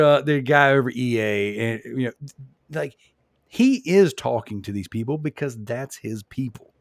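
A man's voice: mid-range voice, no room sound, clean studio sound. Emphatic rambling man on a podcast. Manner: rambling, emphatic, repeats "you know what I'm saying". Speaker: podcast host. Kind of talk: casual podcast chat.

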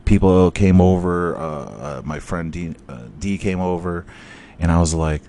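A man's voice: low-pitched, a little slow. A man hosting a casual solo sports podcast, ranting and storytelling with heavy swearing. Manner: profane, rambling, animated storytelling. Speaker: podcast host.

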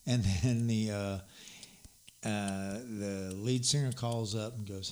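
A man, a bass player and singer, telling a rambling story in casual chat with restarts and laughs. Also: steady tone, a little slow, darkish tone.

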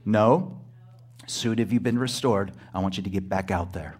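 A male pastor preaching a sermon, emphatic and often rising to near-shouted exclamations, calling out to the congregation for a response. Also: fairly low pitch, moderate pace, slightly rough.

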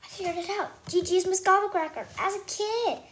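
A woman's voice: extremely high pitch, steady tone, brisk, fairly bright tone, slight background noise, pitched above the performer's own voice, low-quality recording. A woman reading a storybook aloud, voicing an anxious, dramatic schoolgirl. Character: worried girl, dramatic and jumpy.

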